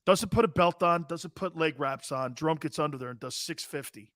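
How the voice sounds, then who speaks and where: A man's voice: on the high side, a little fast, few pauses, no room sound, studio quality. A man in his fifties hosting a sports talk show, telling boisterous, rambling anecdotes with emphatic restarts. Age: 50s. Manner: animated, emphatic storyteller.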